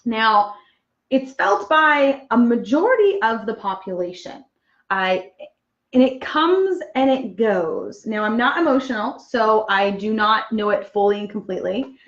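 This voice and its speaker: A woman practitioner explaining a concept in casual chat, checking in often with "okay?" and pausing on fillers. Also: fairly high pitch, expressive. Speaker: Human Design practitioner. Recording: roomy, dull lo-fi sound.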